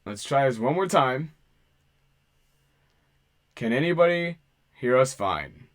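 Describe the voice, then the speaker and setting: Slow-talking man hosting a livestream. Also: medium pitch, expressive. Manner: halting, trailing off, troubleshooting audio. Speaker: livestream host. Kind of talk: casual livestream chat.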